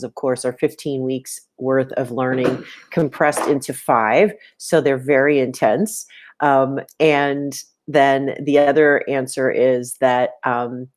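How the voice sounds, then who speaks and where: Deep-voiced woman teacher going over a student's poem, chatty, lots of ums. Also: a little mellow. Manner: conversational, many "um"s, reads lines aloud and taps out meter. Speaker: poetry teacher. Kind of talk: recorded feedback to a student.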